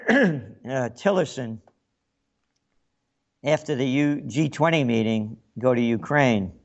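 A man's voice: mid-range voice, creaky, lo-fi sound. A man hosting a talk radio show, delivering a sarcastic, facetious monologue with a frog in his throat.

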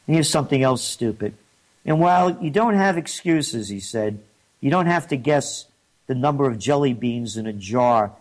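A man hosting an opinion commentary, indignant and mocking, his voice rising when he gets riled. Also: a little high. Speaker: host.

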